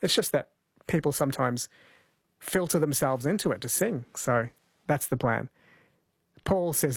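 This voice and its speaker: A man's voice: mid-range voice, expressive, measured pace, gravelly, long pauses, breathy edge, dry recording, studio quality. A man from New Zealand hosting a live radio talkback show, chatting with callers and reading out listener texts. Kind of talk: casual live radio chat. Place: radio studio.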